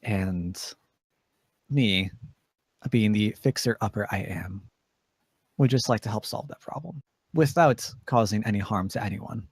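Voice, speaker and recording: Man, tabletop player, slow pace, halting, many fillers, dry close sound. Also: on the low side, breathy edge, dry recording. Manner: hesitant, halting, many uhs. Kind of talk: tabletop role-play in character.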